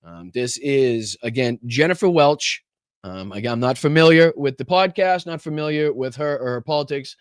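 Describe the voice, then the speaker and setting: A man's voice: mid-range voice, moderate pace, no echo, studio quality. A man hosting a casual political livestream, talking with lots of ums and uhs and greeting viewers in the chat by name. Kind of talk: casual live-stream commentary.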